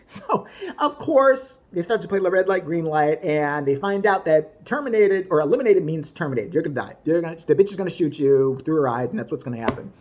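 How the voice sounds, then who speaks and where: A woman's voice: low-pitched, animated, fairly quick, a little mellow. A woman ranting in a casual, rambling way, swearing often, laughing and putting on mock outrage as she talks. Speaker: vlogger reviewing a TV show.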